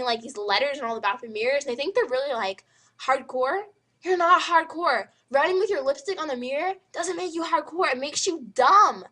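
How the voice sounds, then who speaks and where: A teenage girl ranting to camera in a vlog, emphatic and animated, with lots of "like" fillers. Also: high-pitched. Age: teens. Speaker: high school student vlogger.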